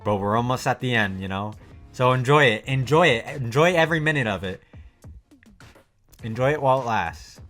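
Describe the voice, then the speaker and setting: A man giving casual, animated reaction commentary while watching anime, swearing freely and laughing often. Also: medium pitch, moderate pace, soft background music.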